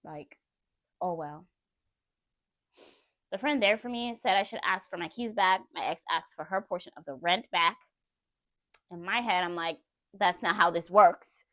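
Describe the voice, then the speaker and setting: A woman's voice: medium pitch, moderate pace, sharp tone, no room sound, studio quality. A woman telling a personal story to her viewers in a candid, conversational way. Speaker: vlogger.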